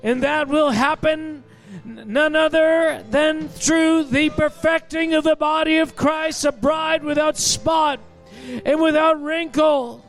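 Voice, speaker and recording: A man's voice: very high voice, steady tone, slow pace. A man leading fervent intercessory prayer, pleading impassionedly and crying out over faint music. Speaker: prayer leader.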